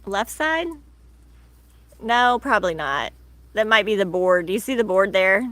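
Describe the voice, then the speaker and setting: A woman's voice: medium pitch, moderate pace, fairly bright tone, dry recording. A woman in her thirties rambling casually on a live stream from her backyard, laughing often and leaning on fillers. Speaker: live stream host, tortoise owner. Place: outdoors in a backyard.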